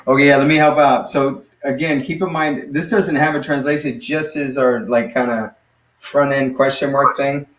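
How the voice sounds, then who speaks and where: A man teaching a Greek class in a relaxed, hesitant way, with many fillers. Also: medium pitch, moderate pace, roomy sound, background noise.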